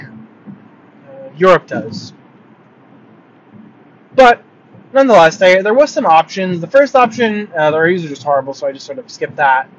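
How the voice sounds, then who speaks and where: A young man tells travel stories in a casual vlog, rambling and full of filler words. His voice sits high and lively. The sound is slightly dull and lo-fi. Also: slight background noise. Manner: rambling, filler-heavy, animated storytelling. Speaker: vlogger.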